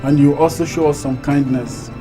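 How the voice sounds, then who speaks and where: A man's voice: a little high, fairly even intonation, moderate pace, music in the background, lightly acted. A man playing a mocking robber demanding money. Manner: mocking, menacing.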